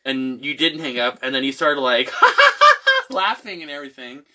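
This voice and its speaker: Brief: man, bright forceful voice, animated storyteller, casual co-host. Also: medium pitch, a little fast. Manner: animated storyteller acting out quotes. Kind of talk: casual chat.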